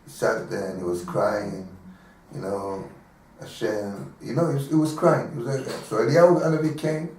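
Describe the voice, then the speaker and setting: Animated rabbi in an echoey room. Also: male voice, fairly low pitch, moderate pace. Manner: animated storyteller, acting out voices in the story, chuckling. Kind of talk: telling a teaching story in a class. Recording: echoey room from far off, faint background noise.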